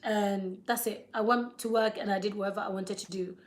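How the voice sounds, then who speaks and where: A woman's voice: mid-range voice, steady tone, a little fast. A woman in her thirties telling a heartfelt personal story on a live vlog, repeating words for emphasis and checking in with her listeners. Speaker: vlogger.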